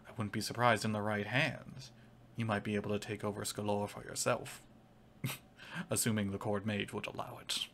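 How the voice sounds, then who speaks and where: A man playing a crocodile crime lord, Irish accent, fat, scheming, wheedling, smooth-talking, low voice. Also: flat delivery, normal speed, fairly bright tone, a little hiss or hum. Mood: ominous.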